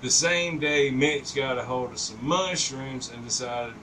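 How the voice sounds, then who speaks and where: A man's voice: medium pitch, a little slow, hardly any pauses, sharp tone. A man in his fifties telling a long story in casual chat. He rambles, swears freely and laughs often. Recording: distant mic with noticeable background noise.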